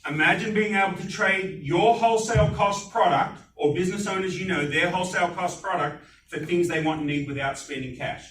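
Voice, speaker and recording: A man giving a live sales pitch at a business networking meeting, animated and putting questions to the audience. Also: a little fast, slight background noise. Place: meeting room. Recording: echoey room, distant mic.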